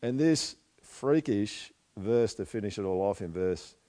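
A man preaching a conversational sermon, asking listeners questions and dropping into quiet asides. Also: on the low side, animated, a little slow. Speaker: pastor.

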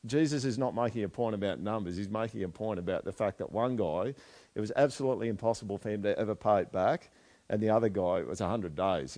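Male pastor, conversational sermon, fond of quiet asides and questions to the room. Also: on the low side. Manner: chatty, asks the listeners questions, drops to quiet asides.

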